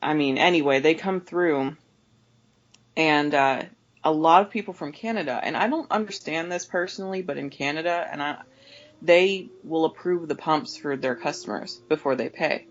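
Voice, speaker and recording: As a podcast guest, an overnight gas station clerk rants casually about a customer, exasperated and rambling with plenty of restarts. She talks at a moderate pace, raising her pitch sharply to imitate customers, over lo-fi audio.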